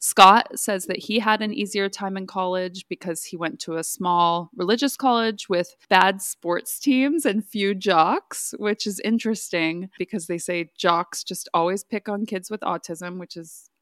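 A woman co-hosting a casual book club podcast, speaking earnestly and getting emotional over stories, with soft laughs. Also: medium pitch, measured pace, few pauses, no room sound, clean studio sound. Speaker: podcast co-host, speech-language pathologist.

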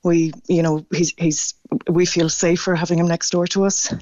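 Male caller, dry and dull phone sound, flat, stammering and moved. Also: a little high, moderate pace, no echo. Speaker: radio caller. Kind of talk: phone-in radio chat.

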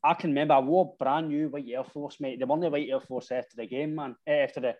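A man's voice: medium pitch, fairly even intonation, fast talker, dull audio. A Scottish man, a football supporter, telling rambling drinking stories in casual chat, full of slang and "right?". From Scotland.

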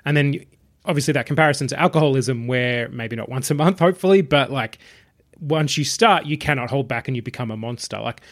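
A man talking over a movie with a friend in an easy, relaxed way. He laughs often and slips into quoted lines as he retells scenes, keeping the tone loose and casual. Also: mid-range voice, fairly quick. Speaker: film podcast co-host. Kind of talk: casual film review chat.

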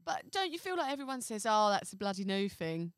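A woman co-hosting a comedy podcast, throwing in sassy jokes and quick interjections. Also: mid-range voice, big pitch swings, clear, resonant tone, dry recording, clean studio sound. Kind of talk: casual banter.

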